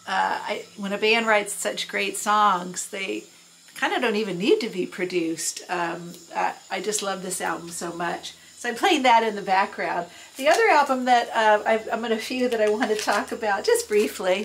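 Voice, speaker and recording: An older woman talks about her favorite records in a loose, rambling way, stumbling over her words with plenty of ums. Her voice has a gravelly, creaky edge. A record plays softly on a stereo behind her, under a faint hiss. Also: rough recording. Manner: rambling and fond, many fillers and restarts. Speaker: record collector. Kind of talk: casual chat. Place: tiki room at home. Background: record playing low on a stereo.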